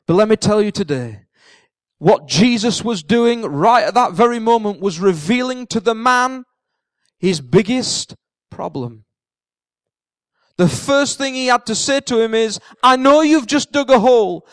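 High-voiced man preaching an animated sermon. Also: unhurried, dry recording. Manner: animated storytelling, acting out the characters' words; repeats key phrases for emphasis. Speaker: pastor.

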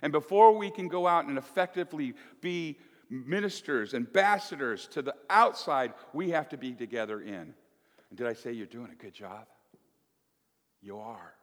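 A male pastor giving a folksy, animated sermon with playful asides to the congregation. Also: medium pitch, moderate pace. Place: church. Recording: echoey church hall.

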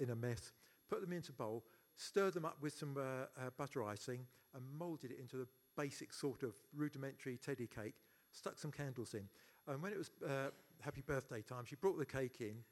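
A man giving a funeral eulogy for his sister, telling stories haltingly with many pauses, fillers and restarts. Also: mid-range voice. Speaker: eulogy speaker, brother of the deceased.

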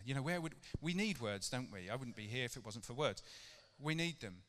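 A middle-aged man gives a relaxed, conversational sermon and keeps asking his congregation questions. His voice is bright and clear. It rings out with the long reverb of a church hall. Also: medium pitch, a little fast, few pauses. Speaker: preacher.

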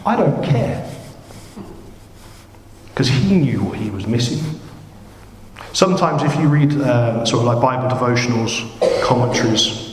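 Chatty preacher in an echoey hall. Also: male voice, a little high, slight background noise. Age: 30s. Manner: chatty, jokey preaching with sudden excited rises. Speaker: pastor. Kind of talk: sermon. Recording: echoey hall, faint room ambience.

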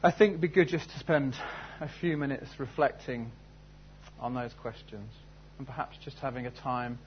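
A man's voice: medium pitch, steady tone, normal speed, dull audio, a little hiss or hum. A man preaching a sermon, telling a story and then asking earnest, searching questions. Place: church service.

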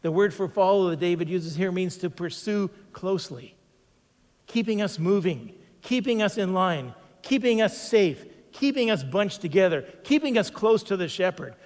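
A man preaching a sermon as pastor, emphatic, slowing down to stress repeated phrases. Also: sits high, lively intonation, a little mellow, big-room sound.

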